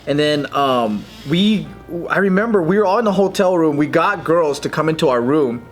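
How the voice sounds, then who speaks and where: Rambling, higher-voiced male co-host. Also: animated, moderate pace, soft background music. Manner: rambling storytelling with fillers. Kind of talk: casual chat.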